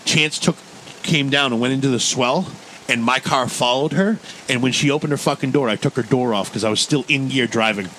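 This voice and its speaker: A man's voice: mid-range voice, fairly quick, rough recording. Guy telling a wild story, cussing a lot, little bit of noise behind. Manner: profane, animated storyteller. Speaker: co-host. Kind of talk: casual chat. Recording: faint background noise.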